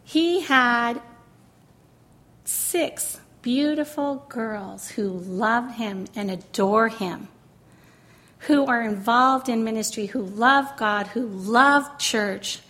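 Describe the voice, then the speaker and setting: A middle-aged woman sharing a personal testimony in a sermon, earnest and emotional, drawing words out slowly for emphasis. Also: fairly high pitch, a bit bright. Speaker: pastor's wife speaking to a congregation.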